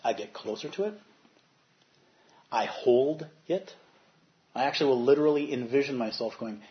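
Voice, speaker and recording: A man giving a dharma talk as a meditation teacher, animated, moving from soft, quiet stretches to loud bursts as he acts out inner voices. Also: medium pitch, fairly quick, highs cut off.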